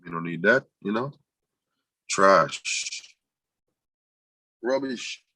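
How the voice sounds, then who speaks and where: A man's voice: low voice, lively intonation, drawn-out words, pushed and bright, a little hiss or hum, rough recording. A man hosting a casual livestream, rambling loosely and talking to his chat and to himself. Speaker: livestream host.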